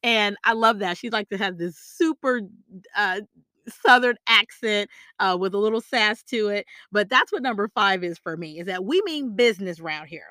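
A woman's voice: mid-range voice, bright, forceful tone, no echo, clean studio sound. A woman coaching on salary negotiation in a motivational, emphatic way. She repeats her key points and keeps checking in with the listener. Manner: emphatic, repeats key phrases, frequent tag questions. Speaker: career coach.

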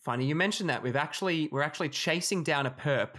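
A woman's voice: deep voice, quick pace, a bit bright. A woman co-hosting a comedy podcast, improvising a character in a shaky put-on Irish accent. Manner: playful, puts on a faltering Irish accent. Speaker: podcast co-host. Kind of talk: improvised comedy role-play.

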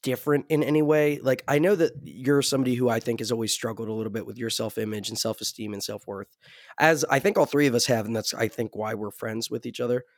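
A man in his twenties co-hosting a podcast, chatting casually in a relaxed, joking way and steering the conversation. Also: mid-range voice, fast talker, no room sound, clean studio sound. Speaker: podcast co-host. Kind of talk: casual chat.

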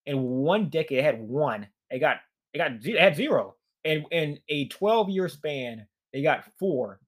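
A man's voice: on the high side, animated, measured pace. A young man rambling in a tired, frustrated, profane rant, worn out and fatigued. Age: young adult. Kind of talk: casual rant.

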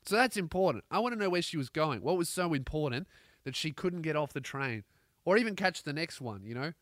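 Profane Australian comedian ranting brightly. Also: male voice, on the high side, a little fast, no echo, clean studio sound. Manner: profane, rambling, animated. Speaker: comedian podcast host. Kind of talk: comedic rant.

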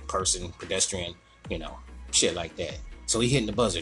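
A man telling a long, profane work story in casual chat. He acts out the other people in a higher voice. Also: fairly quick, fairly bright tone, faint music behind.

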